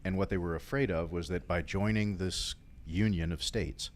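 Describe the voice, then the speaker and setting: A man's voice: low voice, moderate pace, slight background noise. A man co-hosting a casual political talk show, explaining history at length with frequent filler words. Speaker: co-host.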